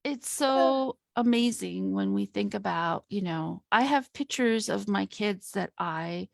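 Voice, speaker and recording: A woman's voice: medium pitch, animated, gravelly, no room sound, clean studio sound. A woman hosting a conversation as a coach, talking in a heartfelt, reflective way. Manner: heartfelt, reflective, slow and thoughtful. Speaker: host and coach. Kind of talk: casual conversation.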